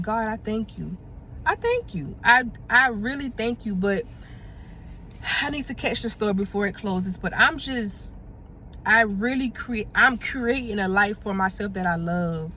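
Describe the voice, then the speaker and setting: A young woman talks to her phone camera while out on errands, chatty and heartfelt. Her voice sits at an everyday middle pitch. Faint road and car noise hums behind her. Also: fairly bright tone. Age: 20s. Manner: chatty and heartfelt, drifts into sung lines and praise. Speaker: vlogger. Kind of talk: casual vlog chat to camera. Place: out and about running errands, in a car and stores.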